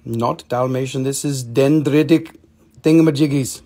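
A man's voice: medium pitch, fairly even intonation, normal speed, dark tone. A man selling rocks and minerals on a live stream, chatting in a playful, goofy, joking way. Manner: playful, goofy, clowning salesman banter. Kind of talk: joking live sales chat.

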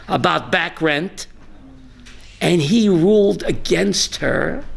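A man, a rabbi, teaching a class with animated storytelling and calling on students by name. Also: a little high, creaky.

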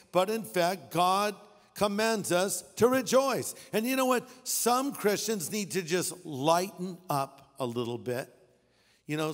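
A man with a fairly high voice delivers an animated sermon, joking and slipping into little character voices. His voice rings out in a big hall with a long reverb tail. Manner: animated, jokey, acts out characters. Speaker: pastor.

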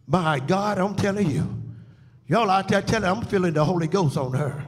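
A man's voice: high voice, very animated, normal speed, big-room sound. A man preaching a funeral eulogy as pastor, his delivery rising and falling as he calls out to the congregation. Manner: preaching with swells and call-outs to the congregation. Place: church sanctuary.

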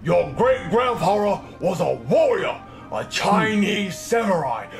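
A man voicing a solemn old martial arts teacher in a puppet comedy, with a thick put-on accent and grave, slow storytelling. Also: high-pitched, sing-song, gravelly, loud music behind the voice, exaggerated voice.

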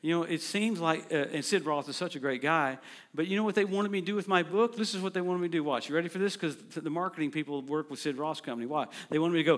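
A middle-aged man preaches, spinning stories with energy. His voice sits a little high, and he jumps up loudly whenever he acts out what someone said. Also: quick pace. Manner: storytelling, animated, acts out quotes loudly. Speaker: traveling preacher. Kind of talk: sermon.

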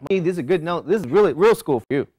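A man teaching a college class, talking straight to his students with lots of rhetorical questions and a preachy, animated delivery. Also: a little high, very fast. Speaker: college statistics instructor. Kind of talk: classroom lecture digression.

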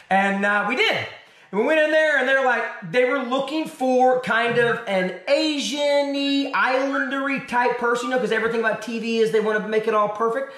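Bright-voiced storyteller man, echoey room. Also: very high voice, brisk. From Arkansas. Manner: animated storyteller acting out other voices. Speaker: television host, guest. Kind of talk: storytelling interview.

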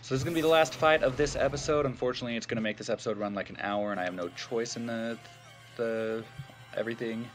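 A man's voice: medium pitch, fast talker, soft background music. A man giving casual let's-play commentary, thinking aloud with fillers and self-corrections. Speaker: gameplay commentator.

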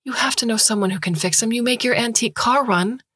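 A woman's voice: a little high, fast, fairly bright tone, slightly rough, no room sound, clean studio sound, voice pushed up. A woman voicing a young female student who speaks in an earnest, pleading way.

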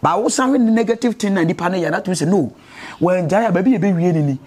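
Fast-talking Ghanaian man, earnest testimony. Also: high-pitched, a little mellow, husky. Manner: earnest, preachy about faith and change. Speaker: interviewee. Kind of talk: street interview in Twi and English.

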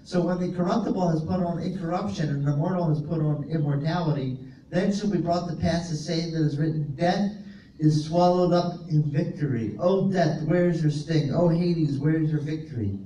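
A male pastor preaches a sermon in a fellowship hall, reading scripture aloud and explaining Greek words to his congregation. His voice is on the high side with a dark tone at normal speed. Recorded from a distance, the audio is dull, with roomy echo, an off-mic sound, and faint noise.

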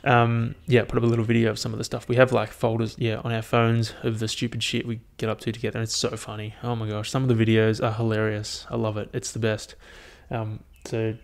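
A man's voice: lowish voice, monotone, a little fast, creaky, few pauses. Swearing, rambling man. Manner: rambling, heavy swearing, amused. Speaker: podcast host. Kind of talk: casual solo monologue. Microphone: headphones and podcast mic.

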